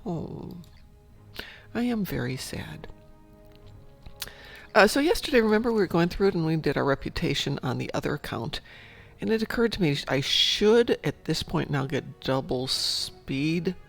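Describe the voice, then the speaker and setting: A man's voice: on the high side, animated, normal speed, gravelly, fairly bright tone, soft background music. A man hosting a casual gameplay stream, just woken up and rambling as he thinks aloud. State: sleepy, just woke up. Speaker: gaming channel host.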